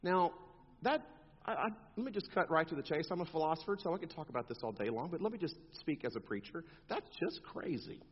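A man's voice: a little high, fast, slightly rough. A man preaching a sermon, talking animatedly and putting on mocking quoted voices as he makes his points. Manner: animated, rhetorical, mock quotes in asides. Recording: dull long-reverb hall sound.

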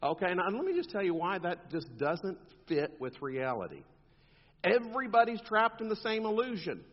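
Preacher in an echoing hall. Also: male voice, high voice, normal speed. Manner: animated, rhetorical, mock quotes in asides. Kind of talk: sermon. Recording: dull long-reverb hall sound.

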